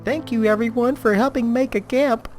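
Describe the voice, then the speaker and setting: A man voicing a friendly middle-aged woman from Montreal in a chirpy falsetto. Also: fairly even intonation, normal speed, a little mellow, soft background music.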